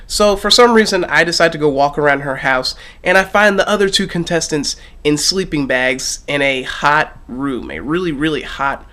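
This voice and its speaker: A young man vlogging, telling a story animatedly and swinging between loud bursts and hushed asides. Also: a little high, animated, normal speed, few pauses. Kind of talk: casual storytelling vlog.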